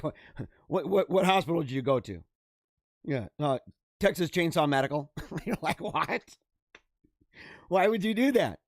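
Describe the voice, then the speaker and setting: A man with a voice on the high side hosts a podcast, recorded dry at studio quality. Addressing his viewers directly, he casually reads odd news stories and jokes about them with plenty of laughter.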